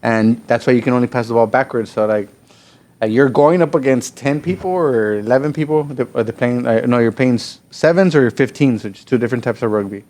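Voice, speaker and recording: A man's voice: mid-range voice, fairly quick, darkish tone. A man guest on a podcast, telling stories in loose, profane casual chat and now and then slipping into Spanish. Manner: profane, rambling, slips into Spanish.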